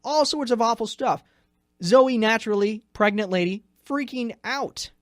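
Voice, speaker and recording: A man's voice: very high-pitched, no echo, clean studio sound. Tired, jokey radio newsman. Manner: jokey, rambling storytelling with quick asides. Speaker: news director, co-host. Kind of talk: casual chat, telling a news story.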